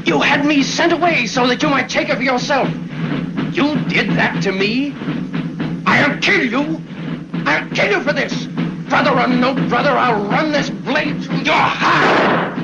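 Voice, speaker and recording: A man's voice: very high-pitched, lively intonation, moderate pace, highs cut off. An actor playing a passionate, jealous young man who talks in an impassioned way, in 1930s film acting on an old soundtrack with music. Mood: raging. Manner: impassioned, swings between pleading and rage.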